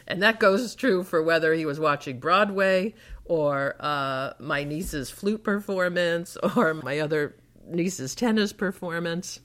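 A woman's voice: fairly low pitch, slow, a bit bright. A woman remembering her late father in a recorded interview, fond and laughing often.

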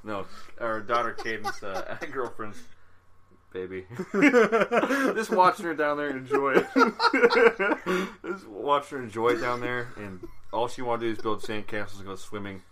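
A man's voice: mid-range voice, sing-song, a little slow, noisy background. A man co-hosting a casual podcast, easygoing and often laughing as he talks. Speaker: podcast co-host. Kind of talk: casual chat.

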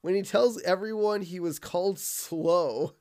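A man co-hosting a podcast, recapping a cartoon episode in casual chat, laughing often and dropping into quick character voices. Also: sits high, a little mellow. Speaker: podcast co-host.

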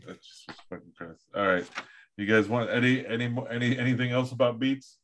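A man's voice: medium pitch, a little fast, fairly bright tone, slight background noise. A man hosting a casual podcast chat, loose and profane, reading out news items between banter. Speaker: podcast host.

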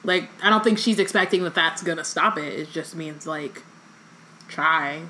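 A woman's voice: low-pitched, normal speed, sharp tone. A young woman co-hosting a casual chat podcast, easygoing, laughing often and using "um" and "like". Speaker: podcast co-host. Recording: faint background noise.

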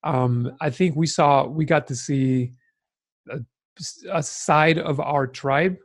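Husky-voiced male podcast co-host. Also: on the high side, slow. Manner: animated storyteller, teasing. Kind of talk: casual chat.

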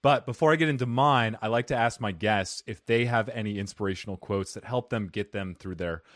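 A man's voice: lowish voice, fairly quick, fairly bright tone, no room sound, studio quality. A man hosting a podcast, upbeat and rambling, laughing often with his guest. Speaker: podcast host. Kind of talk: casual podcast chat.

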